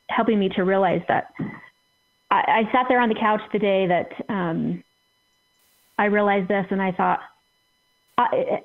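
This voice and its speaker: Chatty woman on a phone line. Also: mid-range voice. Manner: chatty, many fillers and restarts. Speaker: guest, entrepreneur. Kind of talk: casual interview storytelling. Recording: phone-line call-in audio.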